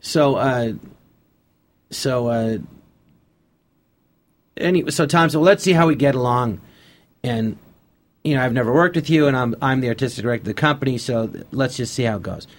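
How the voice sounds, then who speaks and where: A man's voice: mid-range voice, moderate pace, long pauses. A man being interviewed on a radio show, telling anecdotes casually and acting out the conversations he remembers. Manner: anecdotal, acts out past conversations in quotes. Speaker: guest comedian.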